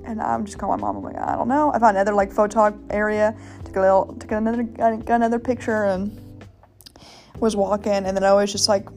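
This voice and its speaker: Fast-talking woman rambling through a story. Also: mid-range voice, darkish tone. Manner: rambling, fillers, acts out her own quotes. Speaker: podcast host. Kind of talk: casual solo podcast monologue.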